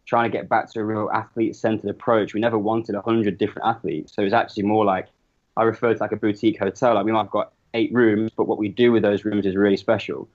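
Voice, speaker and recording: This man rattles along quickly in a lowish voice, often stopping and restarting his sentences as he talks about his work. He's a guest on a casual podcast chat. The recording is dull and a bit lo-fi, as if the sound has been muffled. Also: level tone. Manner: rambling, restarts mid-sentence. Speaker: podcast guest, business co-founder.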